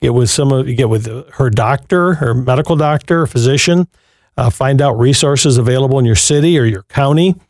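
A man's voice: mid-range voice, normal speed, a little mellow, no echo, clean studio sound. Earnest male radio call-in host. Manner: earnest, encouraging, repeats and restarts phrases. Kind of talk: live Christian radio call-in advice.

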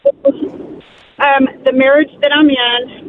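A woman's voice: high-pitched, a little hiss or hum. Tearful woman caller on a tinny phone line. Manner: halting, hesitant. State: holding back tears. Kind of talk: call-in conversation.

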